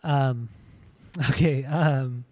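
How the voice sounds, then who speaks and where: A man's voice: medium pitch, drawn-out words, darkish tone, no room sound. A man hosting a podcast, chatting in a laid-back, enthusiastic way and swearing casually. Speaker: podcast host. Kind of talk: casual chat.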